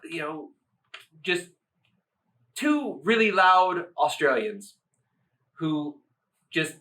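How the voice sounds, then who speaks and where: A man co-hosting a casual chat show, talking with lively energy, repeating words, and mimicking loud voices. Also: fairly high pitch, very slow, recorded from a distance. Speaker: co-host.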